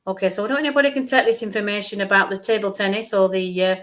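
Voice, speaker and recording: A woman's voice: medium pitch, fairly even intonation, racing, a bit bright. A woman medium giving a live-streamed psychic reading, musing aloud, hesitant, repeating sounds and letters.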